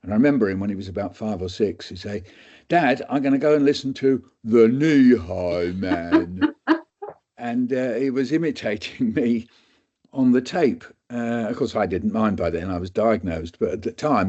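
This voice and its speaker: An older English man tells his story in a rambling, self-mocking way, with a low, husky voice and a dark, mellow tone. He keeps acting out what other people said to him. The sound is a dull, lo-fi webinar recording. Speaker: guest speaker. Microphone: video call.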